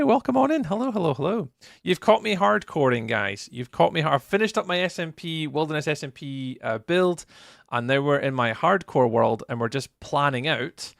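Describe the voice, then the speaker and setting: A man's voice: medium pitch, vocal fry, fairly bright tone, no echo, clean studio sound. A Scottish man chatting casually with viewers while commentating a live game stream. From Scotland. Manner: friendly, chatty, greets viewers by name.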